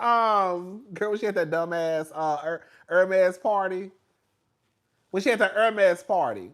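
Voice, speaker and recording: High-voiced guy gossiping about reality tv, lots of "like" and "girl", laughing, gets loud when hyped. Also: measured pace. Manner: animated, gossipy, filler-heavy, laughs often, swings loud and high when excited. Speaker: reality TV commentator. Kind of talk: casual reality TV recap.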